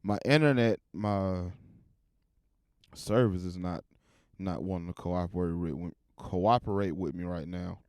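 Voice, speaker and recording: A man's voice: low-pitched, a little slow, a little mellow, smooth, no room sound, studio quality. A man hosting his podcast, rambling casually with plenty of swearing while he loads clips. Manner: rambling, profane, talks to himself while loading clips. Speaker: podcast host. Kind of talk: casual chat.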